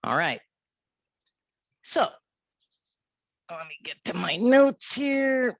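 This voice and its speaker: A woman from India with an American accent leading an online leadership workshop, lively and checking in with a frequent "right?". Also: mid-range voice, extremely slow, creaky, no room sound, lo-fi sound. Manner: lively, keeps asking "right?".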